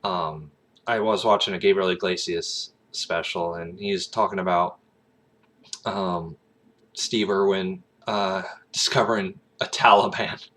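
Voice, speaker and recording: A man talking through a casual, rambling vlog, leaning on fillers and laughing along as he goes. His voice sits low but comes across bright and forward. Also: steady tone, measured pace. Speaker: aspiring actor, vlogger.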